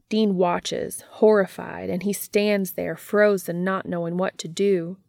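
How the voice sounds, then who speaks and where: A woman narrating a fan fiction story aloud in a steady, even storytelling manner. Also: lowish voice, takes it slowly, vocal fry, hardly any pauses, no room sound, clean studio sound.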